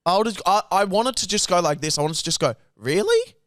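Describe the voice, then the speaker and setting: A man's voice: high-pitched, fast, fairly bright tone, no echo, studio quality. Rambling Australian guy telling a story. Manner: rambling anecdote with acted-out quotes, sweary. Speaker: podcast co-host. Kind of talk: casual chat, storytelling.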